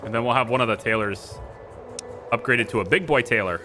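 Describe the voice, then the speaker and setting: A man's voice: medium pitch, fairly quick, bright, forceful tone. A man streaming a game, chatting and joking as he thinks aloud through his moves. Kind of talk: casual let's-play commentary. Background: game music.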